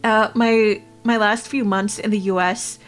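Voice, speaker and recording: A woman's voice: mid-range voice, fairly even intonation, measured pace, faint music behind. A woman from Canada, chatting casually with her livestream chat, rambling and laughing often. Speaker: VTuber streamer.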